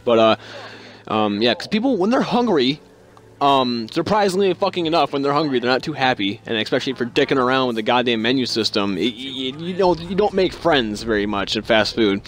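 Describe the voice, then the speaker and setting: A young man telling work stories in a casual vlog, rambling and sarcastic, swearing constantly and acting out other people with sudden jumps in pitch. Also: lively intonation, fairly quick. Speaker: vlogger.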